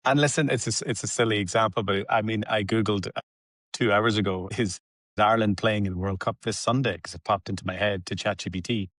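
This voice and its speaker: An enthusiastic man hosts a conversational podcast, quick to affirm and easy in his chat. His voice is on the low side. The sound is close and dry. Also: fairly even intonation, a bit bright, dry recording. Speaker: podcast host. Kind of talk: casual interview chat.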